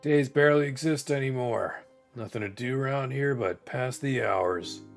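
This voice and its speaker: A man's voice: medium pitch, moderate pace, vocal fry, soft background music, close to an everyday voice. An actor playing a weathered, chatty male sailor in a video game, easygoing and full of slang. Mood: idle, chatty. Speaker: ship's crewman.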